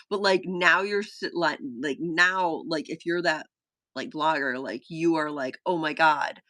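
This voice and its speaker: Excitable woman streaming her solo game test, tons of um's and like's, dry close mic. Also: low-pitched, no echo. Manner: chatty, excitable, many fillers and gasps. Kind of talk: casual live-stream thinking aloud.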